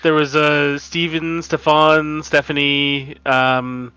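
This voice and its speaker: A man's voice: a little high, level tone, takes it slowly, sharp tone, clear, resonant tone, dry recording. A man at a tabletop game, chatting in a jokey, playful way. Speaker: player. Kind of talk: casual game chat.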